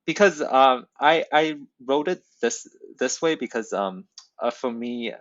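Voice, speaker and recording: A man who is not a native English speaker, talking hesitantly with many pauses and fillers about his own poem. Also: medium pitch, animated, fairly bright tone, no echo, lo-fi sound. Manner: hesitant, many ums, thoughtful. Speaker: poet in a workshop. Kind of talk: casual discussion.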